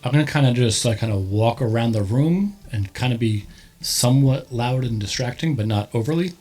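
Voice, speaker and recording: A man's voice: medium pitch, animated, brisk, darkish tone, faint music behind. A man playing a tabletop game, talking casually and hesitantly. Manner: hesitant, full of ums and kinda. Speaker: player.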